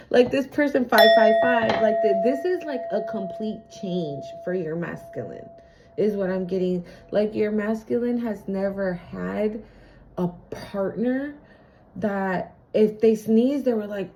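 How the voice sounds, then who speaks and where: A woman's voice: medium pitch, takes it slowly, mellow. A woman giving a casual tarot reading, chatty and profane, often breaking into laughter. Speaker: tarot card reader.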